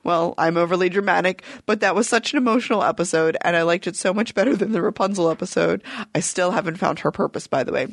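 A woman's voice: fairly low pitch, quick pace, gravelly, dry recording. A woman co-hosting a podcast, chatting casually about TV episodes and chiming in with short, agreeable remarks. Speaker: podcast co-host. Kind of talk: casual chat reviewing TV episodes.

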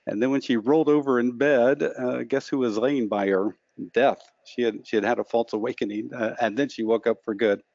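A man's voice: medium pitch, fairly even intonation, brisk, few pauses, darkish tone, no echo, lo-fi sound. A man being interviewed as an author, telling stories reflectively and often stammering and repeating words. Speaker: interview guest, lucid dreaming author. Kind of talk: reflective storytelling.

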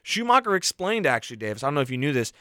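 A man co-hosting a casual film podcast, picking a movie apart with animated, opinionated energy. His voice sits a little high and sounds bright and forceful. The recording is close and dry. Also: very fast, clear, resonant tone, no room sound. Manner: opinionated, animated critique with laughs. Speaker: podcast co-host. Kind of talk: casual film review chat.

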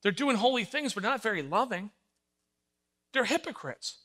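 Animated older man preaching a sermon. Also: high-pitched, quick pace. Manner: animated storytelling, acts out voices, emphatic. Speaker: pastor.

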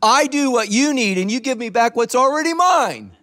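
A man's voice: very high-pitched, animated, moderate pace, pushed and bright, voice pushed up, full character voice. A man voicing God as a dry, sarcastic male figure teasing a foolish person during a sermon. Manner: dry mock-sincere teasing.

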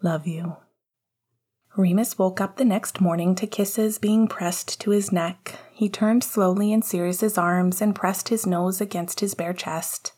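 A woman narrating a story in a calm, intimate reading voice. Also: mid-range voice, a little slow, hardly any pauses, slightly rough. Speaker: audiobook narrator. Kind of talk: scripted narration.

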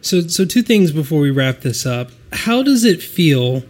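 American podcast host, slightly high male voice, unhurried, curious questioner. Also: very animated, darkish tone. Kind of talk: casual podcast discussion.

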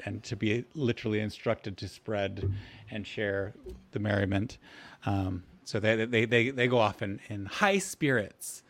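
Gravelly-voiced man narrating as game master. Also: on the low side, no echo. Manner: hesitant, with many fillers and restarts.

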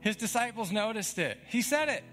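A man's voice: high voice, expressive, normal speed, sharp tone, soft background music. Conversational young male pastor, emphatic. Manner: conversational, emphatic, frequent "like" and chuckles. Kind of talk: sermon.

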